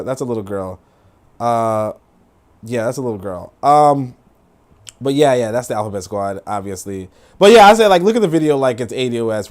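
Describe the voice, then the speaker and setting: Animated profane man hosting a livestream. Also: mid-range voice. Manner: rambling, profane, laughing asides. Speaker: livestream host. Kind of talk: casual reaction commentary.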